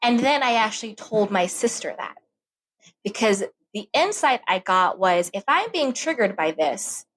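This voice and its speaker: A woman's voice: mid-range voice, unhurried, poor audio. A woman guest on a podcast, talking casually and acting out the voices in her head as she tells a story. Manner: animated, acts out her own inner voice.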